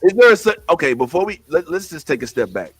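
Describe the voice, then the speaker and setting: A man's voice: fairly high pitch, very animated, fast talker, fairly bright tone, husky, dry recording, soft background music. A middle-aged man hosting a casual chat, easygoing and slangy, with boastful banter.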